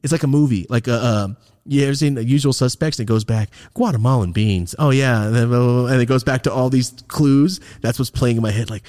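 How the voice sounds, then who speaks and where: Recorded dry at studio quality, a medium-pitched young man hosting a podcast talks briskly with hardly any pauses. He spins a long, profane, animated story, voicing each of its characters himself.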